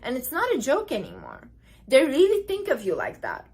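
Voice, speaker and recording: A woman's voice: high-pitched, huge pitch swings, moderate pace, darkish tone, breathy edge. A woman in her twenties giving casual motivational advice to camera, emphatic and sassy, repeating words for emphasis. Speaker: self-help vlogger.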